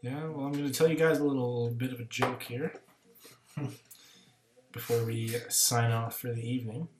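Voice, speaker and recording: A man co-hosting a podcast, telling a crude joke at a steady, deliberate pace to sign off. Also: medium pitch, roomy sound, a little hiss or hum. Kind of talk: casual chat, telling a joke.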